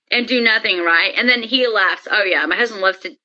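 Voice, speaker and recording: A woman interview guest telling her story in a lively way and acting out the dialogue. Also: mid-range voice, a little fast, dull audio. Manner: lively, acts out quoted dialogue. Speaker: interview guest, paranormal experiencer. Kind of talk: animated storytelling.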